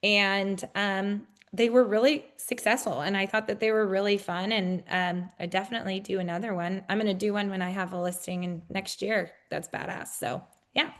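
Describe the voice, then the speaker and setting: A woman real estate agent in a casual interview, talking with many fillers and acting out bubbly, high-pitched greetings. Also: steady tone, normal speed, few pauses.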